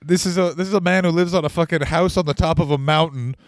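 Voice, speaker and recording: A man's voice: a little high, fast, no room sound, studio quality. A man co-hosting a podcast in casual chat, laughing often and riffing with put-on quotes. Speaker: podcast co-host.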